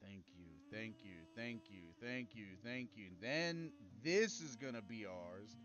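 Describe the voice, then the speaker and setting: Male streamer talking over his gameplay, crude and rambling, soft game music underneath. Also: fairly low pitch, expressive, a little slow, muffled recording. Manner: crude, rambling, reads game text aloud. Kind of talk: casual gaming commentary.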